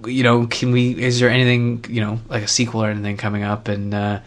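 A man's voice: medium pitch, completely flat delivery, fast talker. A man co-hosting a gaming podcast, talking casually and rambling a bit as he corrects himself. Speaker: podcast co-host. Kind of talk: casual chat.

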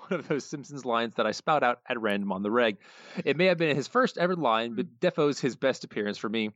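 A man's voice: medium pitch, brisk, fairly bright tone, no echo, lo-fi sound. A man co-hosting a podcast, reading listener answers in an easygoing, amused way. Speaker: podcast co-host.

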